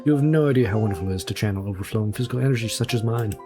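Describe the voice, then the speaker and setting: A man's voice: on the low side, very fast, close to an everyday voice. Brash, boastful female smith, as a man puts her on, with a wobbly put-on accent and music behind. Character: boastful energetic female blacksmith.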